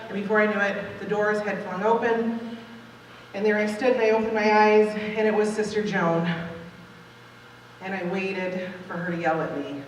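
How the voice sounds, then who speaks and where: A woman in her forties telling a personal story on stage, animated, expressive and conversational. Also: medium pitch, normal speed, lo-fi sound, a little hiss or hum. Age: 40s. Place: large event hall. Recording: echoey hall from far off.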